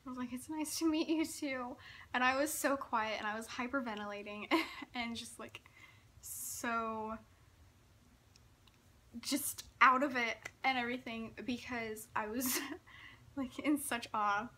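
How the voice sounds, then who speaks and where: A nineteen-year-old woman telling a personal story in a giggly, gushing, breathless way, full of "like" and quick laughs. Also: on the high side, steady tone, pushed and bright, slight background noise. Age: young adult. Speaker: vlogger.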